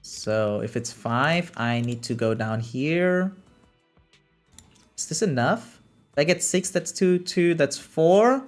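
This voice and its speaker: A man's voice: a little high, takes it slowly, soft background music. A man from Germany with a German accent, streaming a game live and chatting casually with his viewers, laughing often as he answers chat.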